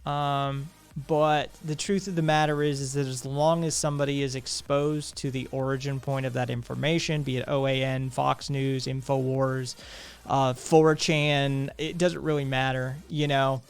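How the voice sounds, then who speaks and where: A man's voice: medium pitch, flat delivery, normal speed, clean tone. A man hosting a live stream, chatting casually, reading viewer comments aloud, blunt and profane with sarcastic laughs.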